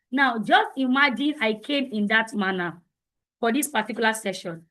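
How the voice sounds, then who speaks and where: Loud, bold woman coaching teens. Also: a little high, normal speed, poor audio. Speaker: teen identity coach. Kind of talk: online coaching session for teens. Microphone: online meeting.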